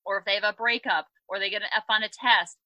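A woman in her thirties, a parenting coach and podcast guest, explaining her approach in a lively conversational way, often acting out quotes. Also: medium pitch, quick pace, dry recording, dull audio. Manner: upbeat, animated storytelling with acted quotes. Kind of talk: conversational interview.

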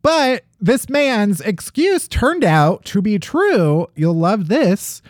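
On a casual podcast, a host reads out odd news stories in a medium-pitched, very animated voice at a slow pace. The recording is dry, and he tosses in dry jokes and laughs as he reads.

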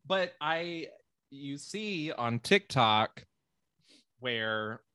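A man co-hosting a podcast in casual chat, excitable, swearing and laughing often. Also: medium pitch, very slow, clean tone, dry recording, studio quality. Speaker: podcast co-host.

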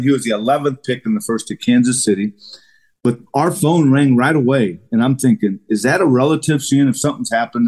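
Man telling an animated football story. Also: medium pitch. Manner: animated storyteller, acts out quotes. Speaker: guest, retired football lineman. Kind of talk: casual storytelling interview.

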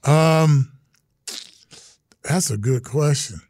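A middle-aged man, a guest in an interview, telling stories in a lively way and acting out the quotes. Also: a little high, very slow, no echo, clean studio sound. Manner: animated storyteller, acts out quotes, exclamations. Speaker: interview guest, retired football player. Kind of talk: casual interview storytelling.

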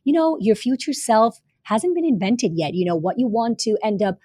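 A woman's voice: a little high, sing-song, normal speed, darkish tone, no room sound. Earnest woman guest, dry close sound. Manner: earnest, many fillers and repeated words. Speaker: guest, author and former teacher. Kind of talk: casual interview talk.

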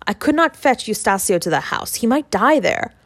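A woman's voice: a little high, very animated, moderate pace, slightly rough, no room sound, clean studio sound, exaggerated voice. Woman voicing a grave young Italian fisher lad. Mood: pleading. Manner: grave, earnest.

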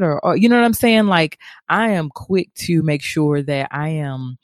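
Slangy, animated woman co-host. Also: low-pitched, unhurried, dry recording, clean studio sound. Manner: animated, slangy, laughs easily. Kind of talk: casual chat.

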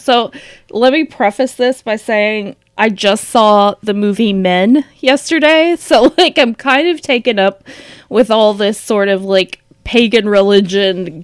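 A woman's voice: medium pitch, clean tone, dry recording, clean studio sound. A woman co-hosting a podcast, chatting casually, often laughing and swearing with sarcasm. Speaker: podcast co-host. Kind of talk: casual chat.

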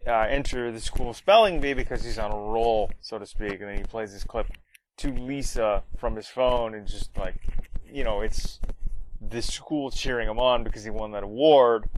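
A man's voice: on the low side, normal speed, a little hiss or hum, poor audio. A man casually recapping a cartoon episode in a rambling way, full of fillers. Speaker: podcast host recapping an episode.

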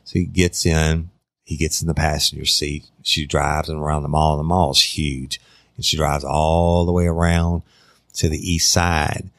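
Male true crime storyteller, very deep gravelly voice, dry close sound, folksy and conversational. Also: flat delivery, dry recording. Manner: conversational, drawn-out, addresses listeners as y'all. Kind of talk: casual true crime narration.

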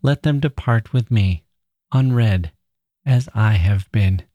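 A man's voice: fairly low pitch, slow pace, mellow, no echo. A man voicing a frail dying woman writer, speaking in an earnest, tender whisper.

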